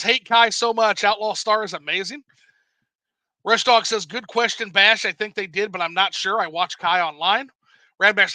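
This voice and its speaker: A man hosting a casual livestream, reading chat aloud, animated and swearing freely. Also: high-pitched, no room sound, poor audio.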